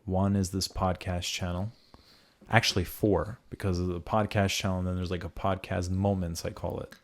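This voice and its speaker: A young man hosting a casual podcast chat, swearing freely and getting animated as he makes his points. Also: moderate pace. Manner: animated, swearing freely, jumps into high mocking voices when quoting. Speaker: podcast host.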